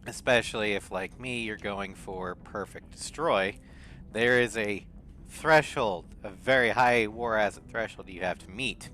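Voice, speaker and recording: A man's voice: on the low side, a little slow, pushed and bright. A man streaming a video game, chatting casually and reading in-game messages aloud in a thoughtful way. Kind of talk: casual gameplay commentary. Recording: faint game music behind.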